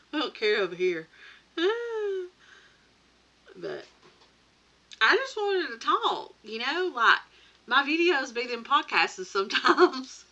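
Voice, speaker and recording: A woman's voice: sits high, sing-song, takes it slowly, long pauses, sharp tone. Chatty woman on a dull stream. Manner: chatty, laughing, rambling, addresses viewers by name. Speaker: crafting channel host. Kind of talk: casual late-night live chat. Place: home craft room at night. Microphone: computer or tablet mic.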